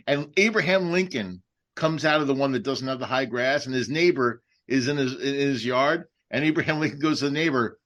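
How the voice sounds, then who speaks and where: A man co-hosting a podcast, animated and talking over others with quick repeats. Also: medium pitch. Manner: animated, jumps in and repeats lines. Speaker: podcast co-host. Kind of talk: casual chat.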